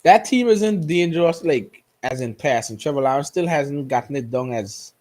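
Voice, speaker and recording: A man's voice: a little high, lively intonation, moderate pace, darkish tone. A man co-hosting a casual football talk stream, rattling off player names and stats. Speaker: co-host.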